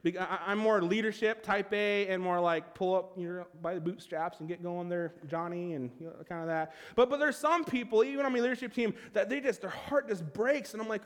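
A man preaching a conversational sermon as a pastor, animated, with quick restarts and playful asides. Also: high-pitched, big-room sound.

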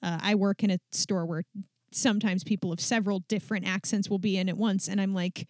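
A woman's voice: mid-range voice, fairly even intonation, brisk, dry recording. Woman, book podcast co-host, enthusiastic, rambling, dry close mic. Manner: enthusiastic, rambling with fillers and restarts. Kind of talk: casual book discussion.

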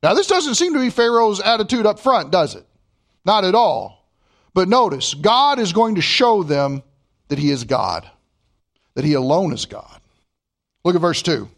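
High, lively preacher. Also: male voice, gravelly. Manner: emphatic, slows way down to read scripture. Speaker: pastor. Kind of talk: sermon.

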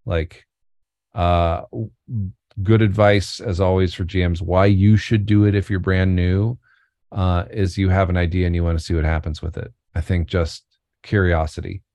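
A man with a very low voice chats on a podcast about being a game master. He jokes about himself and often restarts his sentences. His voice sounds close and dry, with no room around it. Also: level tone, moderate pace, a little mellow, no echo. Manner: loose, joking, self-deprecating, many restarts. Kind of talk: casual podcast chat.

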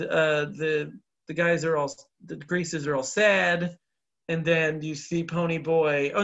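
A man's voice: a little high, fairly bright tone, muffled recording. A man co-hosting a podcast, recapping a film in a rambling casual way with frequent laughs and filler words. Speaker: podcast co-host.

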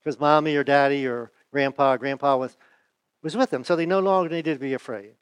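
A man preaching a sermon in a relaxed, conversational way, asking his listeners rhetorical questions. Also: medium pitch, a little fast, clean tone, dry recording. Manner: asks the audience rhetorical questions; folksy, chuckles and restarts. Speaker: pastor.

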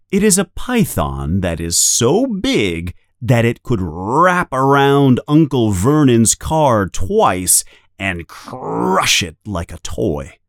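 A man slowly reading a children's story aloud as narrator. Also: on the low side, no room sound, studio quality. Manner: slow, lively storytelling. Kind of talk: slow storybook read-aloud.

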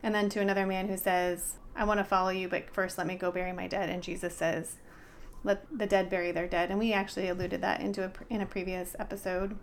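A woman's voice: medium pitch, level tone, quick pace, a little hiss or hum. Chatty woman sharing bible study notes. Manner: chatty, thinking aloud, restarts. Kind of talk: casual bible study discussion.

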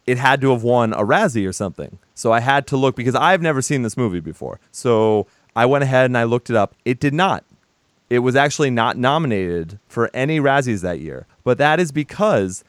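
A man's voice: mid-range voice, animated, normal speed, no room sound, studio quality. A man hosting a movie podcast in casual chat, rambling and laughing, with some swearing. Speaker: podcast host.

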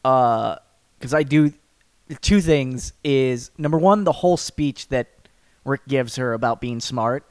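A man's voice: mid-range voice, measured pace, smooth, no echo, clean studio sound. A man appearing as a guest on a podcast, talking loosely and laughing often. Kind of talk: casual chat.

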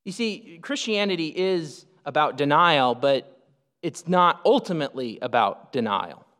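A man preaching an expository sermon, emphatic, swinging up and down in pitch to stress his points. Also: expressive, a little slow, a bit bright. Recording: reverberant hall.

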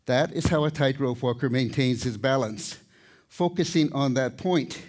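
Older guy talking to a crowd on a mic, kinda breathless, tells stories w/ little jokes. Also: medium pitch. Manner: storytelling, warm humor, pauses to catch breath. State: out of breath at times. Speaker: tightrope walker giving a talk. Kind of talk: live talk to an audience. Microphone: microphone, speaking to a live audience.

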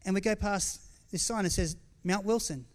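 A middle-aged man with a high voice gives a sermon at a moderate pace, frank and conversational, with many restarts and digressions. At times he becomes tearful as he preaches to his congregation as pastor.

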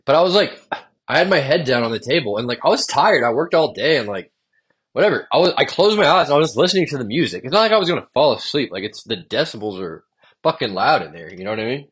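Young male solo podcaster, husky, animated pitch, meandering and profane. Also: fast. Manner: meandering, profane, trails off quietly. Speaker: podcast host. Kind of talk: rambling solo monologue.

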